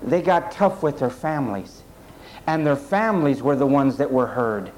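A man's voice: mid-range voice, lively intonation, normal speed, slight background noise, poor audio. A man preaching a sermon, speaking straight to his congregation in an emphatic, repetitive style. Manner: addresses the congregation directly.

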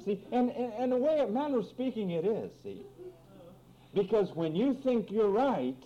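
A man preaching a lively sermon on marriage quarrels, acting out both spouses in mock voices and reading scripture. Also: high voice, normal speed. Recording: dull lo-fi recording with faint room noise.

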